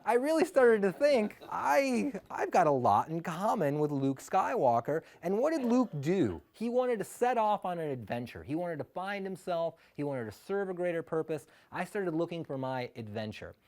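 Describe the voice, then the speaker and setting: A man's voice: high-pitched, sing-song, normal speed, few pauses, a little mellow. A man from Illinois telling a funny personal story with wry, self-mocking asides. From Illinois, USA.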